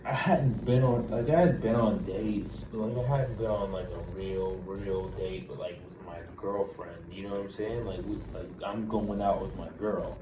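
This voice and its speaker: A man's voice: fairly low pitch, fairly even intonation, moderate pace, few pauses. A young man in his twenties telling a profane, rambling personal story, full of "like" and restarts. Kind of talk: casual storytelling. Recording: roomy, distant mic, noisy background.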